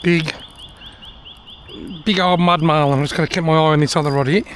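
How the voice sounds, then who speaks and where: A middle-aged Australian man talks casually to his camera as he fishes, chatting with himself and cracking dry jokes. His voice sits fairly high for a man. He is recorded outdoors by a river, with faint noise in the background. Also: fairly even intonation, fairly quick. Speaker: fishing vlogger. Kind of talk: casual vlog commentary.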